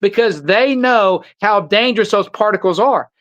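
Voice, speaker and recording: An older man speaks as a podcast guest, his voice sitting high for a man. He talks with urgent intensity, restarting sentences and repeating words as he pushes on. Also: lively intonation, moderate pace, a bit bright. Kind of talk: podcast conversation.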